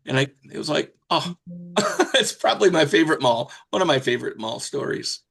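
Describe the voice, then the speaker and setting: A man's voice: fairly high pitch, expressive, brisk, creaky, fairly bright tone. An older man, a professional Santa performer, telling stories in a folksy, rambling way. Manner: folksy, rambling with fillers and restarts. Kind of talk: anecdotal storytelling.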